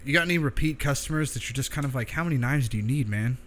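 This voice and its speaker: A man's voice: medium pitch, rapid-fire, fairly bright tone. A man interviewing a knife maker, asking curious questions and laughing often. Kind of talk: casual interview.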